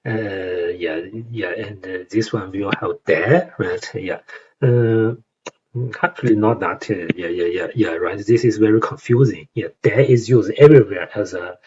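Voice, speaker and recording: A man's voice: lowish voice, unhurried, darkish tone, muffled recording, a little hiss or hum. A young man with a Chinese accent explaining lyrics in a casual tutorial, hesitant, with many fillers and tag questions. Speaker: language learner explaining song lyrics.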